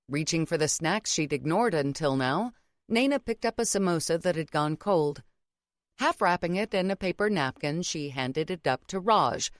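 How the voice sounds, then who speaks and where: Woman audiobook narrator, measured, lowish voice, dry close sound. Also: dry recording. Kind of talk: scripted narration.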